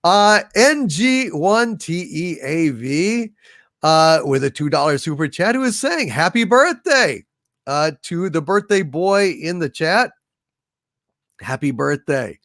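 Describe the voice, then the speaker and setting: A man's voice: a little high, big pitch swings, slow, a bit bright, dry recording, studio quality. A man hosting a live stream, reading out viewer super chats, playful and self-mocking, a bit tired. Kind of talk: casual live-stream chat.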